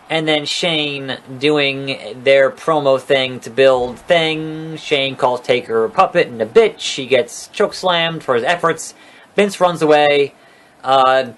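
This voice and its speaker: A man's voice: mid-range voice, a bit bright. A man giving a casual, rambling recap of a wrestling show, swearing freely and sounding exasperated and sarcastic.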